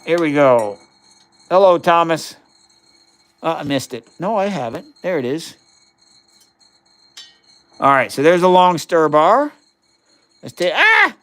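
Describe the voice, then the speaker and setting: An enthusiastic man in his fifties with a slightly higher voice chats casually on a livestream. He explains acids and bases in plain words and reads out viewers' questions as he goes. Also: expressive, measured pace, long pauses, smooth. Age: 50s. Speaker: chemistry livestream host. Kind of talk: casual live-stream chat while doing experiments.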